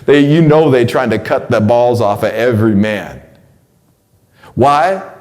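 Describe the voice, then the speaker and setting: Slangy man in his forties, rising when excited. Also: medium pitch, unhurried. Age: 40s. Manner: slangy, repeats words, voice rises when excited. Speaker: host delivering a weekly message. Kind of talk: casual spoken monologue.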